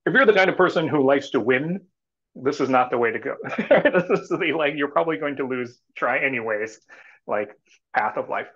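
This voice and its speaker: A man's voice: mid-range voice, expressive, normal speed, fairly bright tone. A man talking as a startup CEO guest in a casual live talk, rambling and full of fillers and restarts. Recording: muffled lo-fi audio.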